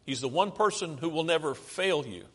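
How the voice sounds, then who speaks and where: Speaking at a moderate pace with lively intonation, this American man has a slightly high, fairly bright voice. He preaches over slides, keeping it conversational and asking the audience questions; long hall reverb fills the recording.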